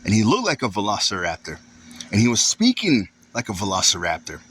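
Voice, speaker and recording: A man's voice: fairly low pitch, huge pitch swings, a little fast, fairly bright tone, slight background noise, low-quality recording. A man casually telling a long story outdoors into a handheld phone camera, rambling, repeating himself and swearing as he goes. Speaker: vlogger.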